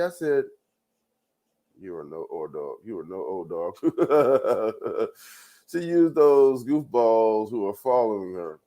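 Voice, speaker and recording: On his own show, a host with a high, somewhat mellow voice goes on a rambling rant. He swears constantly, says the same words over and over, and keeps breaking into laughter.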